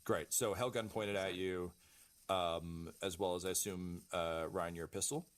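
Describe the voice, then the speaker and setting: A man narrating a tabletop role-playing game as game master, in a halting way with many fillers. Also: sits low, fairly even intonation.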